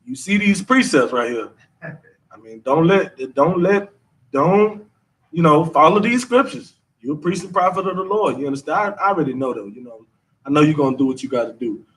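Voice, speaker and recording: A man's voice: fairly high pitch, animated, moderate pace, fairly bright tone, recorded from a distance. A man, teaching a scripture class in a casual, repetitive, slangy way. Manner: conversational, repeats himself, drawling slang.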